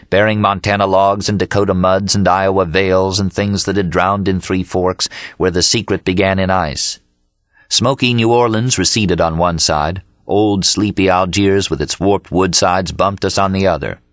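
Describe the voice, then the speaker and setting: A man narrating an audiobook in a steady, measured reading. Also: low-pitched, dry recording, studio quality. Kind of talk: scripted narration. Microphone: studio mic.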